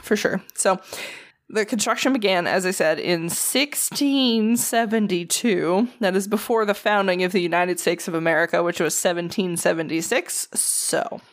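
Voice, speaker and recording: A tired Southern woman with a lowish voice co-hosts a casual podcast at a moderate pace. She reads facts while swearing, cracking jokes, and stumbling over names.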